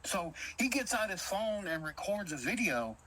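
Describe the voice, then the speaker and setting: A man's voice: high-pitched, normal speed, a loud crowd, poor audio. A man telling a spooky story in casual talk, acting out what others said. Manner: animated, Southern-inflected storytelling with quoted dialogue. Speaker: caller telling an encounter.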